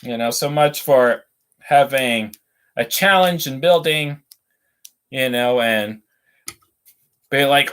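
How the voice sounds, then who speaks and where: A man's voice: medium pitch, takes it slowly, long pauses, a bit bright, smooth. A young man hosting a casual livestream while building toy models, rambling and ranting between reading out chat messages.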